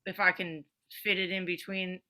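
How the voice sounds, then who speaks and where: Woman, podcast co-host, bright tone, blunt, dry, casual. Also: lowish voice, level tone, normal speed. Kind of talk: casual chat.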